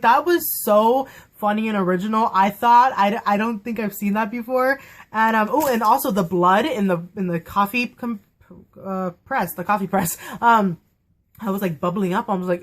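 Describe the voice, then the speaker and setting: Young woman, gushing fan review, giggly, rambling, slightly high voice. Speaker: vlogger reviewing a TV episode. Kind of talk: casual excited fan review.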